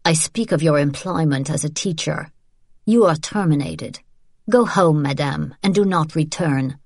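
A menacing secret police agent, as a woman narrator plays him, low and cold, with clipped, level questions. His tone stays flat and controlled. The sound is dry and close. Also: a little slow, creaky, dry recording, heavily acted. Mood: cold menace.

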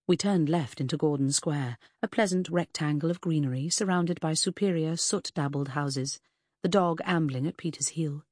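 A woman reading a first-person novel aloud in a measured, even storytelling voice, recorded close on a studio mic. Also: low-pitched, slightly rough, dry recording. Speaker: audiobook narrator. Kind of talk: first-person audiobook narration.

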